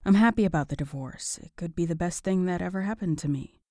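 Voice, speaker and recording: A woman voicing a poised, friendly young divorced woman in a romance audiobook, polite and soft-spoken. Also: fairly low pitch, fast, no room sound, studio quality, lightly acted.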